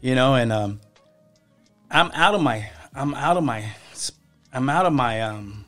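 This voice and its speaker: A man speaking as a podcast guest, telling his life story in a halting way and often repeating his words. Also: mid-range voice, expressive, a bit bright, faint music behind. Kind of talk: personal testimony in casual conversation.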